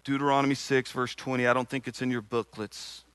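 A man's voice: medium pitch, flat delivery, brisk, a bit bright, smooth, dry recording. A middle-aged man giving an earnest sermon testimony from the pulpit, telling a personal story with frequent repeated words. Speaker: church speaker.

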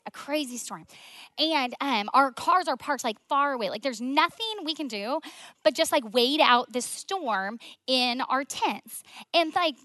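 A woman's voice: high-pitched, animated, measured pace, sharp tone, dry recording. A woman, sharing a personal faith testimony in an emotional, storytelling way full of "like" fillers, dropping at times to a near whisper. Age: 20s.

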